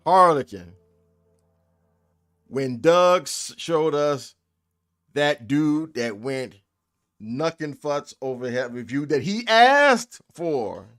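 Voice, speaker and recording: A man's voice: a little high, sing-song, slow pace, long pauses, fairly bright tone, soft background music. Laid-back joking man streaming. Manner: loose, joking, laughs often, talks to chat. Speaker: game developer streamer. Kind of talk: casual live stream chat.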